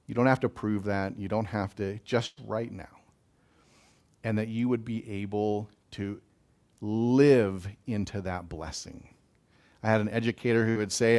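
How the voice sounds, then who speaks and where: A man giving a gentle, emotional pastoral talk on blessing, speaking to listeners as a chaplain. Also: on the low side, unhurried. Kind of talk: reflective spiritual talk.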